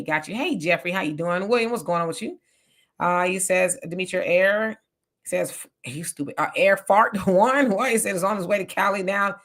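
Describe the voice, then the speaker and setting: A woman hosts a live stream in a bright, forceful voice that sits a little low, reading out viewer comments and answering them on the spot. She talks in a chatty, animated way, jumping in with quick reactions and asides. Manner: chatty and animated, reacting aloud with laughs and exclamations. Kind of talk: casual live chat.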